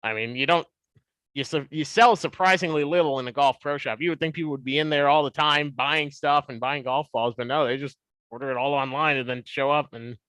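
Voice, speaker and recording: A man in his twenties, a podcast guest, telling stories in a casual, animated way. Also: medium pitch, fairly quick, smooth, no room sound. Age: 20s. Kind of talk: casual storytelling.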